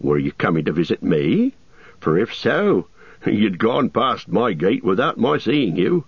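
Hearty rustic hobbit farmer, loud and swooping; male reader doing the voice, husky tone. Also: on the low side, very animated, unhurried, no room sound, muffled recording, exaggerated voice. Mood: genial. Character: gruff country hobbit farmer, suspicious then hearty.

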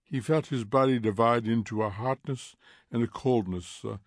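A man narrating a story in a steady, measured way. His voice sits at a middle pitch. The recording is dry and close, with no echo around the voice. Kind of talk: audiobook reading.

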